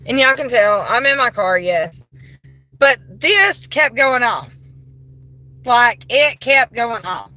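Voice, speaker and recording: Streaming a ghost hunt on her phone from inside her car, a paranormal livestreamer sounds bright and a bit high, speaking slowly over low-quality audio. She's courteous to the spirits, then gushes with bursts of excited squealing.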